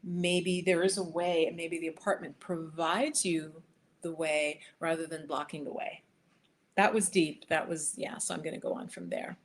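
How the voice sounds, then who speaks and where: A woman hosting a livestream, chatting with viewers and reading cards for them, sometimes dropping to a soft whisper while she shuffles. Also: fairly low pitch, slight background noise. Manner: chatty, riffing, addresses viewers by name. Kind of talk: casual live chat with tarot readings. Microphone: headphones.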